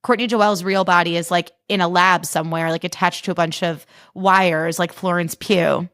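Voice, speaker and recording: A woman's voice: fairly low pitch, fairly even intonation, moderate pace, fairly bright tone, dry recording, studio quality. A woman podcast host and comedian in a casual comic monologue, chatty and sarcastic, full of fillers.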